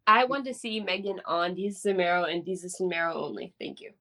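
A woman's voice: fairly low pitch, brisk, sharp tone. A woman co-hosting a podcast in casual chat, emphatic and repeating phrases for effect. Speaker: podcast co-host.

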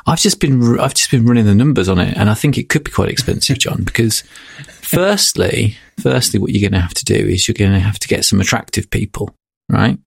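Man, podcast co-host, gravelly voice, deadpan reasoning, dry close sound. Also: on the low side, brisk, no room sound. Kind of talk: casual comedic chat.

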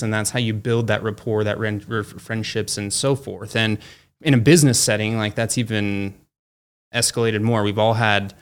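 A man with a clean tone on the low side, a company founder, tells a casual story as a guest. It's thick with fillers like "like" and "you know," and he acts out the dialogue he quotes.

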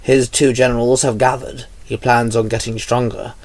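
Formal solemn knight, man reading, measured and steady, dry sound. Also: mid-range voice, dry recording, natural voice. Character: solemn male knight, the Silver Morphing Master.

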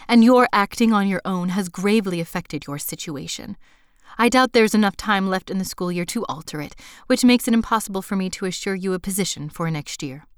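A woman's voice: brisk, clean tone, no room sound, studio quality, close to an everyday voice. A woman voicing a hostile middle-aged woman school head who scolds relentlessly. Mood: stern. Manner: stern, escalating to shrill scolding.

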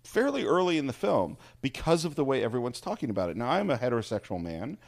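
A man's voice: mid-range voice, big pitch swings, quick pace, gravelly. A man co-hosting a film podcast, talking eagerly and repeating words as he searches for the right phrase. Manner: enthusiastic, repeats words while searching for them. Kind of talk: casual film discussion.

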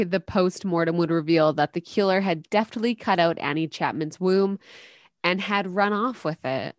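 Low-voiced woman reading with dry sound. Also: measured pace, dry recording. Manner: reads aloud, stumbles on words, laughs and jokes. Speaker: podcast co-host. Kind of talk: casual chat reading true-crime notes.

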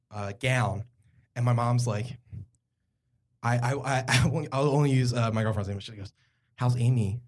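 Rambling young man telling a story. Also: mid-range voice. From Philadelphia. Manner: rambling, filler-heavy, self-mocking. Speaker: comedian telling a true story. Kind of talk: live storytelling on a comedy podcast. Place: live comedy theatre stage.

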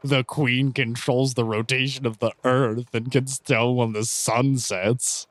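A man's voice: mid-range voice, flat delivery, a little slow, no echo. Easygoing young man running the game. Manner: easygoing, friendly, hesitant with ums. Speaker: game master. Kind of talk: tabletop role-play, narrating and voicing characters.

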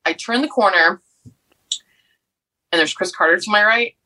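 A woman in her thirties telling a story in casual chat as a podcast guest, outspoken and animated, laughing and jumping high when she quotes people. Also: normal speed, rough recording. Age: 30s. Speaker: podcast guest, football fan.

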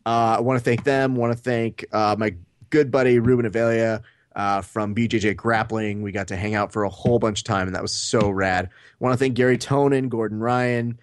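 A man co-hosting a podcast, telling animated stories and swearing casually. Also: on the low side, a little fast, clean tone, no echo, clean studio sound. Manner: animated storyteller, acts out quotes, swears. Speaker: podcast co-host.

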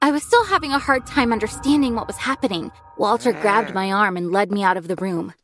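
A woman narrating a first-person story in a dramatic, expressive way, over faint music. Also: mid-range voice, a little fast.

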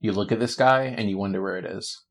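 A man's voice: on the low side, fast talker. A man acting as game master, narrating a tabletop game with joking asides.

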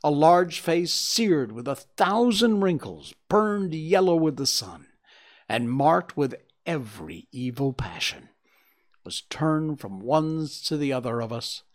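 A man reading a story aloud as its narrator, in an expressive, unhurried manner. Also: mid-range voice. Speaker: audiobook reader.

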